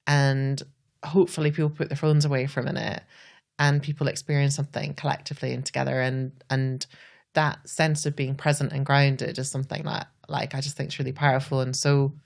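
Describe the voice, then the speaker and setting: A woman's voice: a bass voice, flat delivery, a little fast, vocal fry, a little mellow. A Scottish woman, a podcast guest, talking earnestly and reflectively, often saying "like". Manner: earnest, says "like" a lot.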